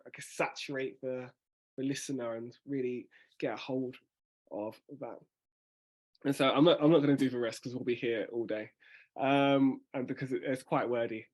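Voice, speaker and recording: A spoken word poet with a medium-pitched, darkish voice casually leads a workshop. He thinks aloud while reading and reworking his own lines.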